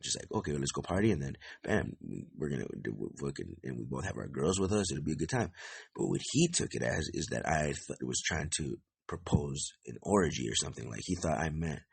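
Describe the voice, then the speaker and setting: Young guy rambling thru a story, super deep gravelly voice, swears a lot, says like constantly. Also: big pitch swings, a little fast. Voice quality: gravelly, husky low voice. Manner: rambling, profane, many "like" fillers. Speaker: podcast host. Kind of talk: casual storytelling monologue.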